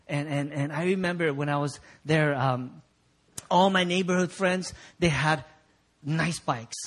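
A Korean-born male pastor preaching a sermon, telling a childhood story and acting out its scenes with big swings in voice. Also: a little high. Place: church sanctuary.

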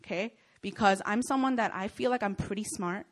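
A young woman delivers a sermon to a student audience, her voice sitting at a middle pitch. She tells her stories with lively energy and keeps pausing to check in with her listeners. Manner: animated storytelling, often checks in with "Okay?" and "Right?". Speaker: speaker at a Christian student gathering.

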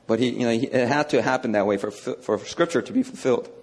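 A man's voice: medium pitch, fast, darkish tone. A male preacher teaching a sermon in a conversational, emphatic way, often checking in with "okay".

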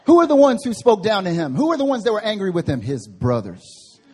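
A man preaching a sermon as pastor, lively, with playful voiced asides and big swings from loud to hushed. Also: high-pitched, rapid-fire, slightly rough. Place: church service.

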